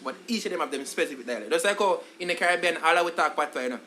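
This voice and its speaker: A man's voice: a little high, lively intonation, slight background noise. A Jamaican man co-hosting a podcast, talking patois and calling people "brother" and "G". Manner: fast, bright, patois, says "brother" and "G". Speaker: podcast co-host. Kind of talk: casual chat.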